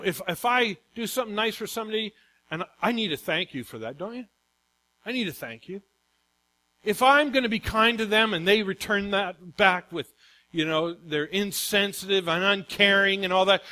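Bright, high-voiced male pastor preaching. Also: rough recording. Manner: emphatic, calls out questions to the congregation. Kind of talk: sermon.

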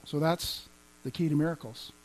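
A man's voice: fairly high pitch, normal speed, low-quality recording. A man teaching as a pastor, speaking conversationally, quoting scripture and chuckling now and then. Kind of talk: teaching on healing and faith.

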